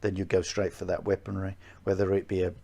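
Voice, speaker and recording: A man with a lowish voice co-hosts a casual podcast chat about martial arts. He talks emphatically and circles back over his points, repeating phrases as he builds an argument. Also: level tone, fast, gravelly, mellow.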